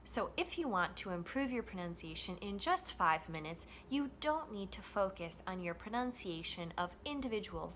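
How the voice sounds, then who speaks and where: A woman teaching an English pronunciation lesson, modeling stress and rhythm with slow, deliberate phrasing. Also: mid-range voice, sharp tone, slight background noise.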